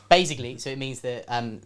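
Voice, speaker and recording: A man's voice: medium pitch, moderate pace, a bit bright. A man playing a tabletop wargame, laughing often and narrating his moves in casual chat. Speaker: regular opponent player.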